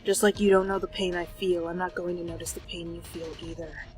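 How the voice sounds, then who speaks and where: A woman voicing a possessive, obsessive young man, reading game dialogue in a soft, low, quietly intense way. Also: level tone, fairly quick, faint music behind, close to an everyday voice. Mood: cold, possessive. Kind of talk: reading visual novel dialogue aloud.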